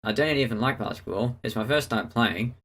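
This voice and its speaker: A man reading a visual novel aloud in a steady storytelling manner, narrating and speaking the hero's lines. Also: medium pitch, fairly quick. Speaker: let's player.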